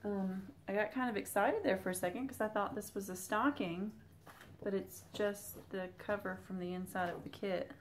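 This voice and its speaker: Chatting casually and directly with her viewers, a young Flosstube vlogger with a Southern US accent unboxes old craft patterns. She talks at normal speed in a medium-pitched, fairly even voice, with slight background noise.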